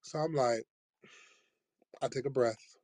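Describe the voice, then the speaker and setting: A man's voice: mid-range voice, takes it slowly, a little mellow, dry recording. A man who teaches, telling a long school story in casual chat and acting out the voices of the people in it. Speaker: podcast host, teacher.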